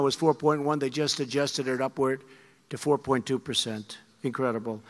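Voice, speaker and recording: Speaking with a slightly high, fairly bright tone, this septuagenarian man addresses a crowd at a rally, rambling emphatically and circling back to the same phrases. The audio carries the long reverb of a big hall, with the audience faintly audible.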